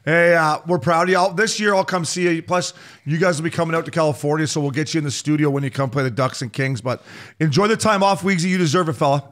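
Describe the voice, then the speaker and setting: Rowdy, profane man with a high voice. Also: fast talker, fairly bright tone. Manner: rowdy, profane, laughing at his own stories. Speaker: podcast co-host. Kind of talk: casual storytelling chat.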